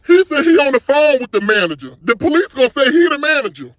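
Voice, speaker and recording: An older woman ranting to viewers on her phone camera, indignantly retelling an argument in animated bursts. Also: sits high, fast talker, dry recording, studio quality. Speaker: customer filming a complaint. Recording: phone video with clear background noise.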